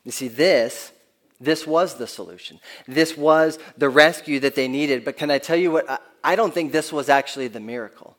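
Man, pastor, sermon, conversational, earnest, repeats himself, somewhat high pitch. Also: moderate pace, fairly bright tone. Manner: earnest, conversational preaching with frequent restarts.

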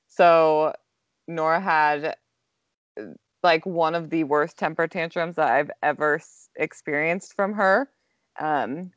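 Chatty young mom, dry dull sound. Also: female voice, deep voice, smooth, no room sound. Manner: chatty storytelling, many "like" fillers. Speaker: co-host, mother. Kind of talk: casual podcast chat.

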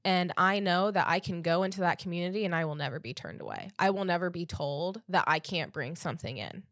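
A woman guest telling stories in an earnest, animated way, with many "like"s. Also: lowish voice, a little fast, no room sound, studio quality. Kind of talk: conversational interview.

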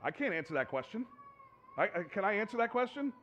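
A man's voice: sits high, very animated, quick pace, fairly bright tone, dull audio, slight background noise. A man preaching a sermon to his congregation in a conversational way, often repeating and restarting his words. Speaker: pastor. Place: church sanctuary with congregation.

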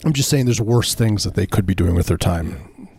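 A man's voice: on the low side, animated, moderate pace, warm tone, breathy edge, no echo. A man co-hosting a casual comedy podcast, laid-back with a dry sense of humor. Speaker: podcast co-host.

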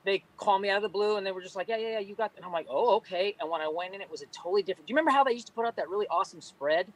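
A man's voice: high-pitched, very fast, poor audio. A man who works as a cartoon voice actor, telling a chatty story about getting cast, easily sidetracked. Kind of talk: casual storytelling on a group video call.

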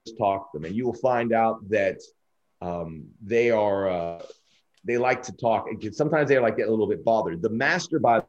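Low-voiced middle-aged man telling stories. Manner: animated anecdotes, acting out quoted dialogue. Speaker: sports broadcaster, podcast guest. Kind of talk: candid interview storytelling. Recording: dull lo-fi audio.

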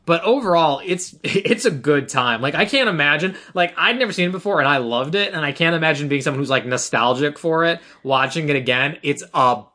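A man's voice: on the high side, lively intonation, brisk, few pauses, pushed and bright. A man co-hosting a casual movie review podcast, recapping scenes with lots of "like" fillers and frequent laughs. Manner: rambling recap full of "like" fillers, laughs often. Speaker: podcast co-host.

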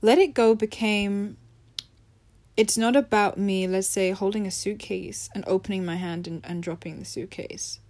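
A woman's voice: mid-range voice, moderate pace, a little mellow. A young adult woman hosting a podcast, talking earnestly and conversationally about letting go, laughing easily now and then. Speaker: podcast host. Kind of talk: reflective self-help talk.

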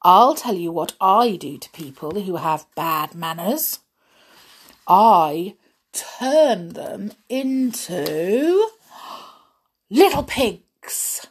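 A woman's voice: mid-range voice, big pitch swings, extremely slow, breathy edge, full character voice. A woman reading aloud, voicing a stern male wizard who threatens to punish bad manners.

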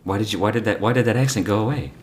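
A man hosting a comedy podcast and running a tabletop game, animated and breaking into loud, laughing outbursts. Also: fairly low pitch, racing, a little hiss or hum. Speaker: podcast host and game master. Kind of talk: casual comedic chat.

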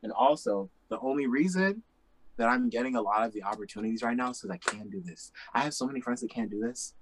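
A young man from Indiana in casual conversation, talking emphatically with quick asides. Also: medium pitch, animated, noisy background. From Indiana, USA.

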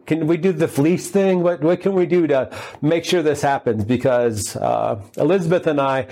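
A man's voice: mid-range voice, mellow, lightly acted. A man voicing a fretful old priest who doubts an angel, stammering and bargaining anxiously.

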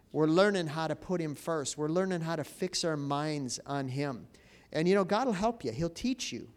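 A man preaching a sermon in a conversational way, often asking the congregation questions and repeating words as he goes. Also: on the high side. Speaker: pastor.

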